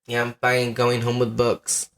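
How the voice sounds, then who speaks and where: A man's voice: medium pitch, monotone, a little slow, fairly bright tone. A man with a mid-range voice hosts a casual movie commentary podcast. He chats easily, laughs along with his co-host and turns to address the listeners directly.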